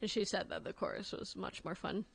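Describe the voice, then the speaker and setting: A woman's voice: medium pitch, brisk, gravelly, a little hiss or hum. A woman radio host chatting casually on air in a wry, chatty way. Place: radio studio.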